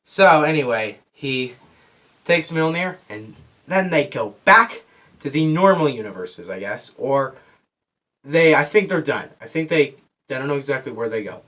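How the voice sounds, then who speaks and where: A man's voice: medium pitch, lively intonation, a little slow, a bit bright. A man giving a casual spoiler review of a movie, out of breath, rambling and losing track as he restarts his sentences. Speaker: film reviewer.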